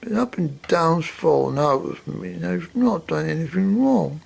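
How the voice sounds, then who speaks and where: Guy rambling on about his life, kinda high raspy voice, cusses a bit. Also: measured pace. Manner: rambling, expressive, swearing. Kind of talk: rambling personal storytelling.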